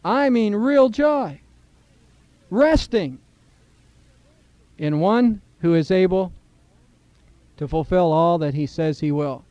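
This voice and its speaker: Earnest preaching man, mellow voice. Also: high-pitched, animated, takes it slowly, long pauses, smooth, no room sound, muffled recording. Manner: earnest preaching, rising emphasis. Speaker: pastor. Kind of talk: sermon. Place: church.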